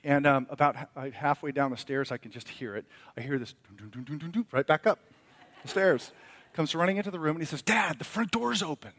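A middle-aged man preaching as a pastor, telling a family story that moves from quiet reflection to emphatic preaching. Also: fairly high pitch, fast. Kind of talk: sermon.

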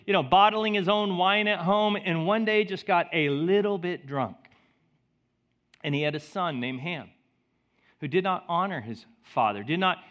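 A middle-aged man preaching a sermon as pastor, telling stories with a lively swing between loud outbursts and quiet, soft passages. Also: high voice. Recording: dull lo-fi recording.

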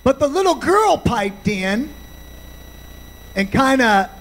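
Male pastor, unusually high voice, very slow deliberate sermon delivery, faint hum behind. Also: very animated, a bit bright, low-quality recording. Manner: slow, deliberate preaching with frequent amens.

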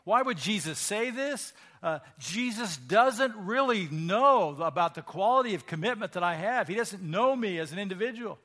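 A man's voice: high voice, animated, normal speed, few pauses, sharp tone. A male pastor preaching a sermon in a conversational, emphatic way, asking the congregation questions.

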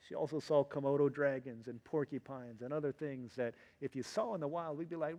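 A middle-aged man preaching a sermon as pastor, animated and acting out quotes in different voices. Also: medium pitch, fairly quick, hardly any pauses. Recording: long hall reverb.

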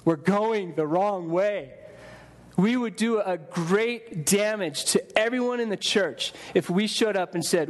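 Pastor, male, higher voice, chatty sermon delivery with restarts. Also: unhurried. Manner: conversational preaching with repeated restarts and acted-out quotes. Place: church sanctuary.

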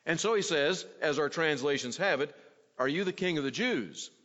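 A man preaching an expository sermon, teaching at a measured pace and acting out the quoted questions. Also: on the high side, expressive, a bit bright. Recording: dull sound in a reverberant hall.

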